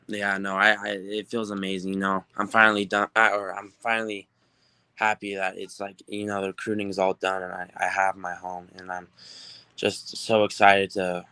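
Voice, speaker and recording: A teenage football recruit from New Mexico, answering interview questions in an upbeat, rambling way with many fillers. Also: male voice, deep voice, completely flat delivery, moderate pace, sharp tone, clear, resonant tone, no echo. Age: teens.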